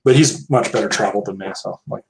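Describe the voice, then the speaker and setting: With a gravelly, lowish voice and a fast delivery, an American man co-hosts a podcast over slight background noise. He chats casually, hedges, and strays into side topics.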